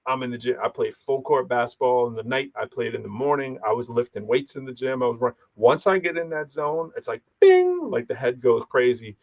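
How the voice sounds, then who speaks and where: Lebhafter Mann im lockeren Gespräch. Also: male voice, medium pitch, fairly quick, few pauses. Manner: animated, tells stories with quoted voices. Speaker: podcast co-host. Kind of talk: casual chat.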